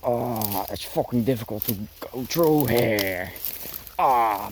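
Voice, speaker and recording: The man's mid-range voice is animated but slow as he rambles in an outdoor vlog. Swearing constantly and grunting, he shoves through dense bushes and trees, while rustling branches and a barking dog fill the noisy recording.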